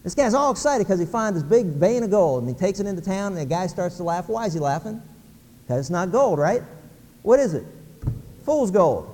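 A man's voice: high voice, big pitch swings, a little fast, dark tone. Folksy preacher man in a reverberant hall. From Pennsylvania, US. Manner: folksy, acts out little scenes with voices. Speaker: pastor. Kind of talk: sermon.

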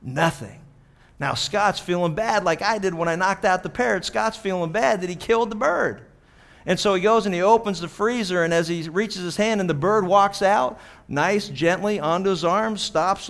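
A man's voice: high voice, normal speed, creaky, fairly bright tone. A man from Pittsburgh, a pastor, telling a story in a chatty sermon full of "you know" asides.

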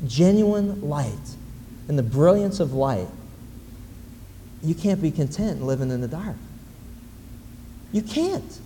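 A man preaching a sermon, animated and emphatic, building to loud repeated exclamations. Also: a little high, a little hiss or hum. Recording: long reverb in a large hall, faint ambience.

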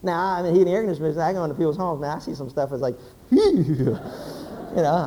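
A man, a pastor, giving a humorous sermon as an animated, joking storyteller. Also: a little high, fast talker. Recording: hall reverb, faint background noise.

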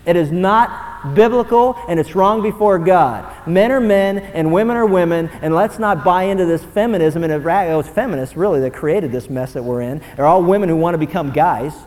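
A young man preaching a sermon, animated and swinging from low, quiet asides to loud, excited bursts. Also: moderate pace. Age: young adult. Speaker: pastor. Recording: long hall reverb.

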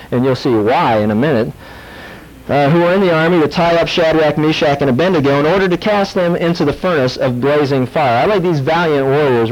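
A male pastor preaches in a lively, conversational way, mixing jokes and asides with serious warnings to the congregation. His voice sits somewhat high for a man and swings between quick, bright remarks and slower, lower emphasis. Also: low-quality recording. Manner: animated, jokey storytelling with sudden drops to earnest. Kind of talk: sermon.

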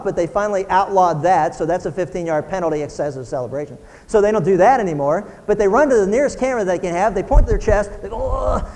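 A man pastor preaching a sermon, building from quiet talk to loud shouting and firing rhetorical questions. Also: very high voice, big-room sound.

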